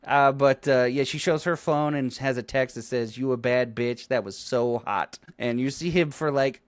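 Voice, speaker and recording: A man's voice: mid-range voice, normal speed, clear, resonant tone, dry recording. A man co-hosting a casual movie podcast, swearing freely, laughing often and acting out scenes as he recaps the plot. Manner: profane, laughing, acts out scenes. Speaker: podcast co-host.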